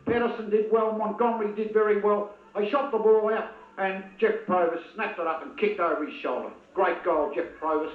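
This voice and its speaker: A man with an Australian accent giving excitable, partisan commentary on a local football match and calling out to the players by name. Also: high-pitched, a little fast, reverberant, phone-quality sound.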